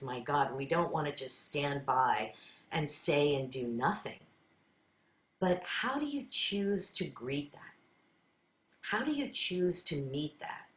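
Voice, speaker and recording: An older woman leading a class, telling her own stories in an earnest, conversational way and acting out her side of past conversations. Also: low-pitched. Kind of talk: storytelling talk to a group. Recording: roomy echo.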